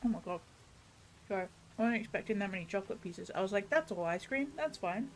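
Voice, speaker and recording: A woman's voice: mid-range voice, lively intonation, fast, slight background noise, rough recording. A woman running a tabletop game podcast as game master, chatty and often drifting off topic.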